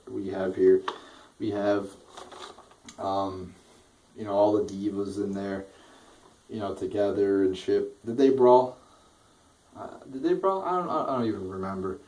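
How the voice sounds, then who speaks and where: Young guy ranting n cussing nonstop, lowish voice, kinda far from the mic. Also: mellow, slight background noise. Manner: exasperated, swears constantly, repeats himself. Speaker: wrestling show reviewer. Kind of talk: profane ranting review.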